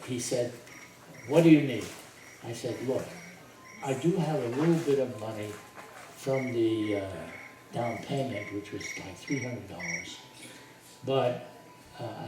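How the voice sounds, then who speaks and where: In a reverberant hall, an older man of medium pitch slowly relates the story of his life to a gathered group. His retelling is animated, full of voiced quotes and laughter, and the far-off recording picks up audible noise.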